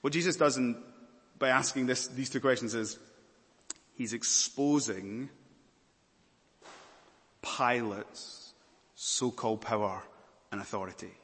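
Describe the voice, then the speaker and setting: A man's voice: mid-range voice, takes it slowly, long pauses, fairly bright tone. Emphatic male preacher in a reverberant hall. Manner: dramatic, emphatic, with repeated words and lists. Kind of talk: sermon.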